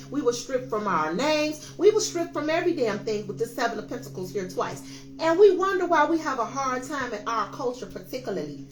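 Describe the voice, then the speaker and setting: Fired-up high-voiced woman reading tarot. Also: a bit bright, roomy sound, slight background noise, poor audio. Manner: impassioned and preachy, repeats phrases for emphasis. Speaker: tarot reader and show host. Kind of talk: spiritual tarot reading monologue.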